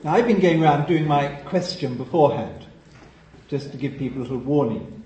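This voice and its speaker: A man from England preaching a sermon, telling stories with lively emphasis and dropping to a quiet hush at solemn points. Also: on the high side, brisk, roomy sound, a little hiss or hum, low-quality recording. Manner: animated storytelling, drops to a hush for solemn moments.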